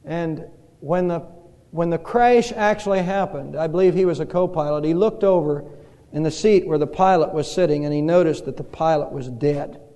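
High-voiced preacher in an echoing hall. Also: male voice, warm tone. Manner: slow, dramatic storytelling with pauses. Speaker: pastor. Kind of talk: sermon. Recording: reverberant hall.

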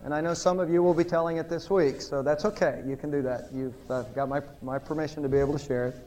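A pastor preaches a sermon in an emphatic, storytelling manner. His voice sits fairly high for a man. The church sanctuary adds a long reverb tail to every phrase. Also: steady tone, fast talker, darkish tone.

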